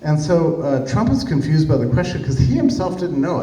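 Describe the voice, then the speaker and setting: Animated man lecturing in an echoey room. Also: on the high side, normal speed, slight background noise. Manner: animated, acts out the people he quotes. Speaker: speaker giving a public talk. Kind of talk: storytelling lecture to a live audience. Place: room with an audience. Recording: echoey room, distant mic, faint ambience.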